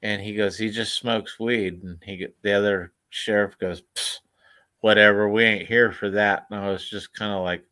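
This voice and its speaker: A man's voice: fairly low pitch, steady tone, moderate pace, bright, forceful tone, no room sound. A man telling a long story in casual chat, laid-back and profane, laughing as he goes.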